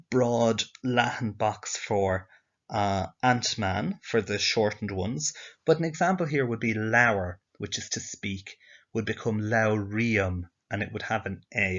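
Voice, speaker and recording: A man's voice: on the low side, a bit bright. A male teacher giving a slide-based language lesson, explaining patiently step by step and asking the learner questions. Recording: dull lo-fi audio.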